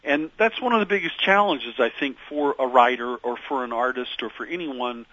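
A man's voice: mid-range voice, normal speed, pushed and bright, dry recording, lo-fi sound. A man being interviewed as a musician guest, telling stories in a meandering way with many fillers and restarts. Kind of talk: reflective radio interview storytelling.

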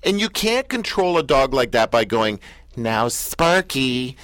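Male talk-radio host, animated self-mocking storyteller, dry studio sound. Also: medium pitch, normal speed, no echo. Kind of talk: casual radio interview.

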